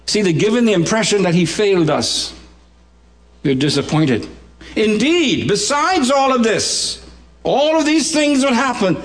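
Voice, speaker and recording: A Bahamian man with a high-sitting voice preaches a sermon, explaining a scripture passage while swinging his voice widely for drama and humor.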